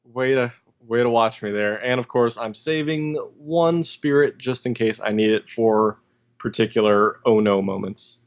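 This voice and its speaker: A man's voice: medium pitch, a little slow. Laid-back wry male card game player. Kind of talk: casual tabletop game podcast.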